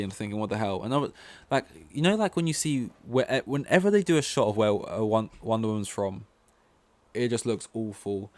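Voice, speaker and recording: A man's voice: fairly low pitch, dry recording. A man hosting a solo podcast, rambling casually through opinions with lots of fillers and swearing. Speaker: podcast host.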